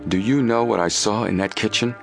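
A man's voice: fairly low pitch, fairly quick, vocal fry, music in the background, voice pushed up. A man reading a storybook voices a determined teenage boy detective who talks firmly and tensely. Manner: firm, tense.

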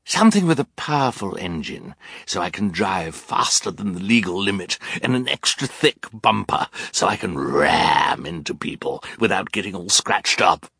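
Brief: gravelly, raspy storybook villain, sneering and swaggering, deep with swooping inflection, put on by a male narrator. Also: sing-song, moderate pace, bright, forceful tone, no echo, studio quality, exaggerated voice. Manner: growling, sneering. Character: boastful scheming villainous adult man. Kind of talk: audiobook character voice.

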